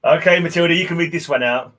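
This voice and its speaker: A man's voice: on the high side, quick pace, a bit bright. A man hosting a casual livestream chat, laughing often. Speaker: stream host.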